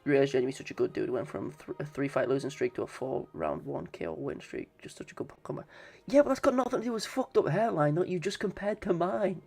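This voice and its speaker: A man's voice: fairly high pitch, expressive, quick pace, creaky, a little mellow, faint music behind. A man streaming casually, swearing and bantering with his chat.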